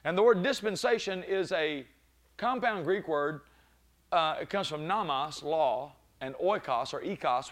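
A man preaching a sermon, moving between calm teaching and loud exclaiming peaks, often breaking in with praise. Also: on the high side. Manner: frequent "glory be to God" interjections.

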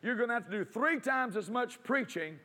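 A man with a high voice preaches to a congregation. He quotes scripture and answers his own questions. His emphasis builds as he goes. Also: lively intonation, normal speed, sharp tone. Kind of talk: sermon.

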